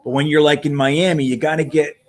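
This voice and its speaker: A man's voice: fairly high pitch, steady tone, fairly quick. A man hosting a casual live stream, chatting loosely and reacting to plays as he talks with viewers. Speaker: livestream host. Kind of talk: casual live watch-along chat. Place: home in Miami.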